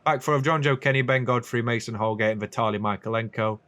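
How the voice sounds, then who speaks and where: A young man casually commentating a football video game, chatty and sweary, with quick asides and self-corrections. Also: medium pitch, fairly bright tone. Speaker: gaming YouTuber.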